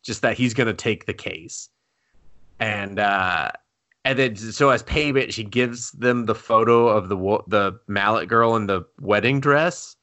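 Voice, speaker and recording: A young adult man co-hosting a podcast in casual chat, animated and laughing, swearing freely and acting out scenes. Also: lowish voice, unhurried. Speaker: podcast co-host. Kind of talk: casual chat reviewing anime.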